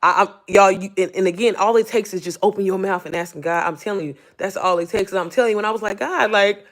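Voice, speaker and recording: Animated, swearing motivational woman. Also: mid-range voice, quick pace. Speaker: online business coach. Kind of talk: casual livestream talk.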